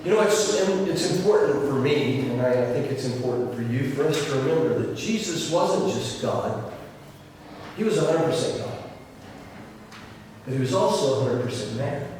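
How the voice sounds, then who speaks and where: Earnest preacher in an echoey church hall. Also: male voice, medium pitch, expressive, a little mellow. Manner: dramatic emphasis and pauses, earnest. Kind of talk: sermon. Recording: echoey hall, distant mic, noisy.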